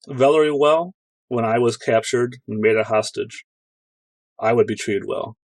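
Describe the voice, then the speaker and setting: A man's voice: medium pitch, darkish tone, dry recording. A man playing a curt, formal noble ruler. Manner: measured, formal, slow speech.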